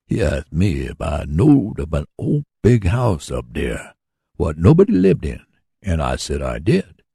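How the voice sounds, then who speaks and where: A man's voice: rumbling low, wildly swooping pitch, unhurried, gravelly, warm tone, husky, no room sound, studio quality, exaggerated voice. A man voicing a folksy, earnest older man who runs a mule-powered sawmill, in a storybook reading.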